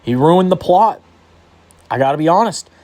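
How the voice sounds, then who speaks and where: A man's voice: on the high side, animated, normal speed, a little mellow. A young man giving a casual fight recap in a heated, profane rant. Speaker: MMA commentator vlogger.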